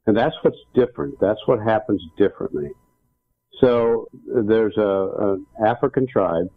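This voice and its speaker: A man with a fairly low voice speaks over a tinny, phone-like line as an interview guest. He tells a story with emphasis, building toward his points. The sound is dry and close, with no room echo. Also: a little slow. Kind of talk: casual interview chat.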